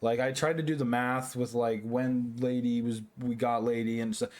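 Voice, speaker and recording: A man's voice: medium pitch, level tone, moderate pace, darkish tone. A young man, a little drunk, rambling through a casual review of a cartoon film, swearing often and restarting his sentences. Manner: rambling, profane, many restarts and fillers. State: tipsy.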